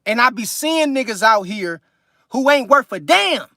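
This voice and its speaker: California guy on a live stream reading chat, swears a lot, animated, bright voice. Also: extremely high pitch, moderate pace, no echo, studio quality. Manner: loose, profane, animated storytelling with laughs. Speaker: livestream host reading chat.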